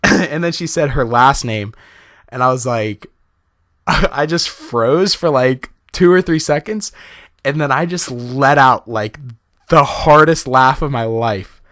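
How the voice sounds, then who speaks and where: A man's voice: mid-range voice, takes it slowly, a bit bright, no echo, clean studio sound. A young man casually telling a personal story to his viewers, chatty and laughing often, with many fillers. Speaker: vlogger.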